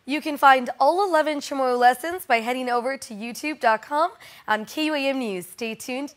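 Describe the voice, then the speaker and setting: Woman, news anchor, polished, high voice. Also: fairly quick, faint music behind. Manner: polished, even delivery. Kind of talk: scripted news reading.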